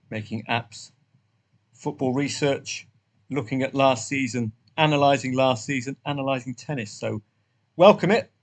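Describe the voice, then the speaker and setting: A man hosting a casual football trading review, chatty and rambling, with dry asides. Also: medium pitch. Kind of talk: casual spoken match review.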